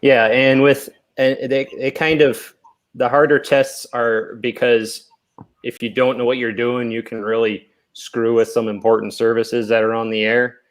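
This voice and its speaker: A man's voice: mid-range voice, level tone, measured pace. A man chatting casually as a guest, explaining radio with many fillers and restarts. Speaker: guest ham radio expert. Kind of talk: casual panel chat.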